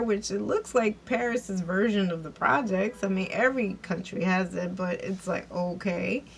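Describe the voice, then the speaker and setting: A woman's voice: medium pitch, a little hiss or hum, low-quality recording. A woman giving a casual recap and review of a TV episode, chatty and giggly, with lots of fillers and restarts.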